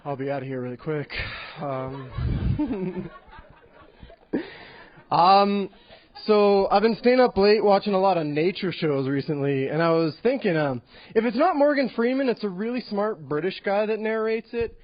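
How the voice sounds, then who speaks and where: Young man in a club set, high and bouncy voice, nervous giggles, lo-fi sound. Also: animated, a little slow, dry recording, a faint crowd. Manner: awkward and giggly, with many ums. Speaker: stand-up comedian. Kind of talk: stand-up comedy set. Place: comedy club. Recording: dull lo-fi live recording.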